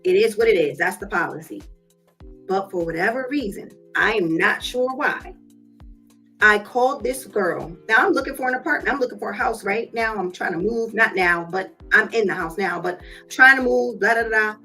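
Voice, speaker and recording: Woman doing a chatty motivational live stream, kinda husky voice, faint music behind. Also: mid-range voice, moderate pace, pushed and bright. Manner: chatty storytelling, addresses listeners as y'all. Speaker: live stream host and business owner. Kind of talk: casual motivational talk. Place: home office.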